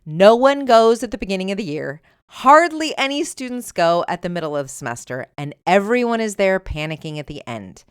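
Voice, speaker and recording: A middle-aged woman hosting a solo advice podcast, talking emphatically and conversationally, sometimes animated. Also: medium pitch, fairly quick, few pauses, clear, resonant tone, no echo, studio quality. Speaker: podcast host. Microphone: earbuds with mic.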